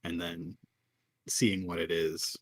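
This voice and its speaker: A man with a low, gravelly voice speaks slowly and in a level tone while playing a tabletop game. In casual game chat, he hesitantly describes his character's actions, using many fillers. There's a little hiss or hum in the recording.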